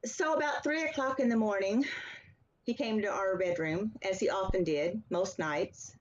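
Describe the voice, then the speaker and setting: A woman's voice: mid-range voice, normal speed. Earnest woman telling her story, lo-fi. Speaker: author and interview guest. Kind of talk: personal testimony in an interview. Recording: slightly dull, lo-fi sound.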